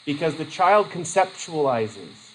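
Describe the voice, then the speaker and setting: A man's voice: fairly high pitch, very animated, a little slow, a bit bright, slight background noise, rough recording. A male teacher giving a casual classroom lecture, acting out quoted voices and laughing easily.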